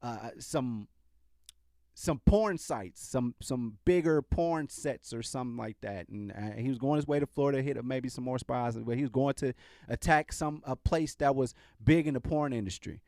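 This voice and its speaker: A man's voice: medium pitch, moderate pace, mellow, no echo, clean studio sound. A man hosting a podcast, talking in a casual, sarcastic commentary style and often restarting his sentences. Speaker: podcast host.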